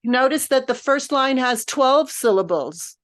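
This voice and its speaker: A woman's voice: sits high, lively intonation, a little slow. A woman music director leading a text study, lecturing informally in a thoughtful, patient way while she searches for her words.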